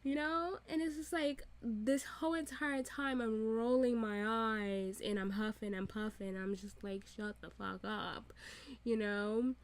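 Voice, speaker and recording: Her voice is a little high and her intonation fairly even as she hosts a reaction video. The commentary is an exasperated, profane rant, packed with "like" fillers, restarts, quick tirades and laughter.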